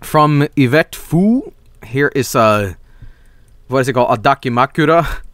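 A man's voice: mid-range voice, expressive, a little slow, fairly bright tone, dry recording, clean studio sound. A young man streaming, chatting casually and rambling, with lots of swearing and chuckles.

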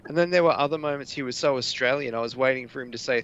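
A man's voice: mid-range voice, rapid-fire, a bit bright, clear, resonant tone, lo-fi sound. A man co-hosting a podcast, joking and laughing through casual chat. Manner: joking, laughs while talking. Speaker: podcast co-host.

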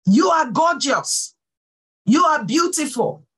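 A woman pastor giving a sermon, fervent and full of praise exclamations, swinging from soft talk to calling out. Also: high voice, lively intonation, slow, rough recording.

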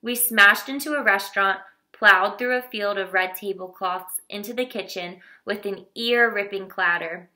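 Woman reading a kids' novel aloud, steady but expressive, super bright sharp tone. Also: medium pitch, normal speed, hardly any pauses. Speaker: audiobook reader. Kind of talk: scripted narration of a children's novel.

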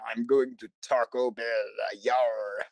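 A man voicing a silly male pirate who growls drawn-out pirate sounds. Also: medium pitch, level tone, darkish tone, no room sound, shouting, close to an everyday voice. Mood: goofy.

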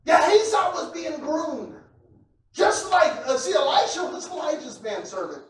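A man preaching a sermon who repeats himself and builds up to loud, shouted passages. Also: very high-pitched, very animated, a little slow. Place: church. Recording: echoey church hall from a distant mic with faint noise.

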